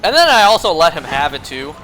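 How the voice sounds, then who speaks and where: A man's voice: on the high side, sing-song, fast, bright, forceful tone, faint music behind. A young man streaming a game, telling a rambling, profane story in casual chat, full of fillers. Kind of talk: casual chat while gaming.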